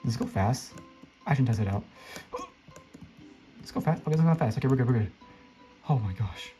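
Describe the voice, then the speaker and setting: A woman giving casual, excitable commentary while playing a game, talking to other players and squealing when she jumps. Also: very deep voice, brisk, pauses often, soft background music. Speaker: gaming channel host.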